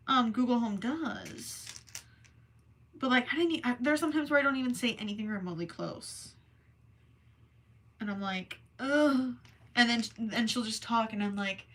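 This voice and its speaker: A young woman hosting a crochet livestream, chatting casually and reading messages from the chat in a rambling, self-deprecating way. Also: fairly high pitch. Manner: slow, rambling and self-deprecating, with soft asides.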